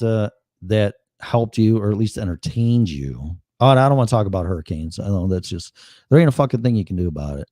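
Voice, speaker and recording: Show host, 60s man, Chicago accent, low-ish voice, blunt and profane, dry sound. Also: dark tone, no echo. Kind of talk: casual live-stream monologue.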